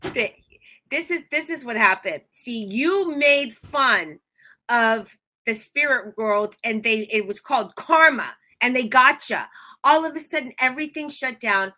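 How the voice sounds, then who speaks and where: A woman's voice: fairly high pitch, lively intonation, measured pace, sharp tone. A middle-aged woman co-hosting a livestream, chatting casually in a Valley girl manner. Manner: Valley girl speech, giggly and apologetic. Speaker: co-host of a streamed show.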